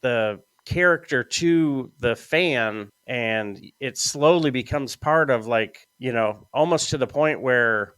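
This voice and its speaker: A man in a relaxed podcast chat, with a smooth, resonant voice recorded close and dry. He tells long, rambling stories at an easy pace and swears casually along the way. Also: mid-range voice, slow, few pauses, dry recording. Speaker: podcast host.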